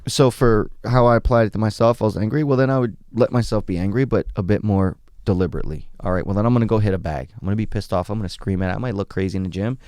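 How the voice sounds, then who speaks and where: A man speaking candidly as a podcast guest, blunt and animated, swearing freely while recounting his experiences. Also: lowish voice, racing, few pauses, no echo, studio quality. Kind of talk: candid conversational storytelling.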